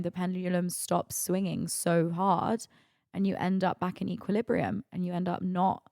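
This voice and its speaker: A young woman in her twenties talks through her week on her own podcast. Her voice sits a little low, and her speech is rambling and confiding, full of "like". The sound is close and dry, with no room around it. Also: darkish tone, no echo. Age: 20s. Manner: confiding, rambling, heavy use of "like". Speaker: podcast host. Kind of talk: candid solo podcast monologue.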